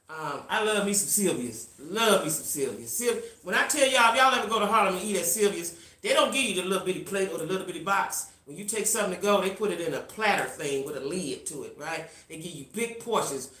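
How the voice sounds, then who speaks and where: A middle-aged woman hosting a live stream, telling a personal story in a casual, animated way and talking straight to her viewers. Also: on the low side, echoey room. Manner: reads out viewer comments. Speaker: livestream host.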